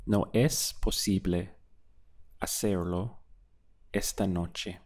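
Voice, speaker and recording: A man teaching a beginner language lesson, asking patient prompts and then giving clear model answers. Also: deep voice, steady tone, takes it slowly, darkish tone. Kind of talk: slow, deliberate language lesson with pauses.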